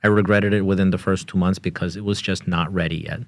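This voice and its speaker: A man's voice: low voice, steady tone, quick pace, dry recording. A man hosting a podcast interview, talking loosely with lots of um, uh and you know. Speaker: podcast host. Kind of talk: casual interview talk.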